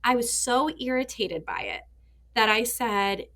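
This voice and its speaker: A woman's voice: fairly high pitch, a little slow. A woman in her thirties, a therapist being interviewed on a podcast, telling stories animatedly and acting out little voices. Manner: animated storyteller, acts out voices in anecdotes. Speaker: therapist and author, guest.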